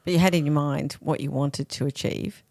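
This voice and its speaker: A woman's voice: sits low, steady tone, fairly quick, creaky, a little mellow, dry recording, studio quality. A woman speaking as a podcast guest, chatty and earnest, with lots of "you know". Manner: chatty, earnest, full of fillers. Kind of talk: casual podcast chat.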